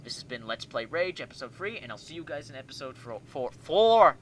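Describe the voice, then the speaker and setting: A man hosting a let's play, giving excitable, joking gameplay commentary and talking back to enemies. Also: medium pitch, a little fast, a little hiss or hum.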